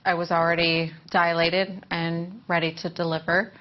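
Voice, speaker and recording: A woman's voice: fairly low pitch, level tone. Woman giving an emotional personal testimony. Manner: emotional, quietly halting. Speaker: former surrogate mother telling her story. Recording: dull muffled audio.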